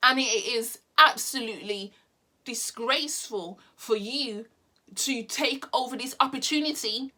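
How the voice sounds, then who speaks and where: A woman's voice: on the high side, measured pace, pushed and bright. A young woman from the United Kingdom, angrily ranting to camera in a blunt, sarcastic vlog with plenty of swearing. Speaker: vlogger. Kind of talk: heated opinion rant to camera.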